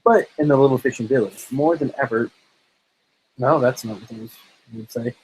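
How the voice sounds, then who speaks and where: A man reading fairy tales aloud in a relaxed, informal way, sometimes stumbling over words and joking between lines. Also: medium pitch, a little fast, slight background noise, low-quality recording. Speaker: storybook reader.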